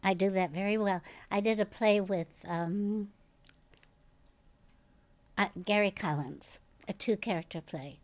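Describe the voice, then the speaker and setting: Older lady guest w a really distinctive voice, chatty, laughs a lot, middle pitch. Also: unhurried, pauses often, no echo. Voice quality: distinctive, instantly recognizable voice. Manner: lively, laughs often while telling stories. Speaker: actress and podcast guest. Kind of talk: casual interview storytelling.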